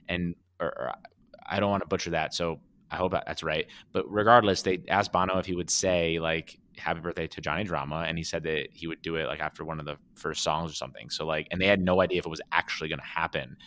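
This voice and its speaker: Deep bright-voiced man, casual podcast. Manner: enthusiastic, acts out quoted lines. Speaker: podcast co-host. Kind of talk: casual chat.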